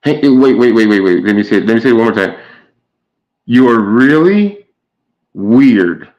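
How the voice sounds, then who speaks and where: A man's voice: lowish voice, rapid-fire, dull audio. A man streaming live and chatting casually with his viewers, stumbling over his words and trading sarcastic jabs with chatters.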